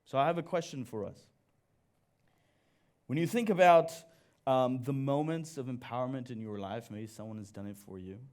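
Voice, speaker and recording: A man giving a church sermon, telling a personal story in an animated way and joking about himself as he speaks to the congregation. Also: medium pitch, moderate pace, long pauses. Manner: animated storyteller, jokes at own expense, addresses audience. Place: church service.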